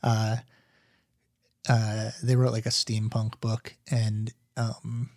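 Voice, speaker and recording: A man co-hosting a book podcast who tells animated, self-deprecating stories. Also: lowish voice, slow, dry recording, clean studio sound. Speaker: podcast co-host. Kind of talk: casual book-club chat.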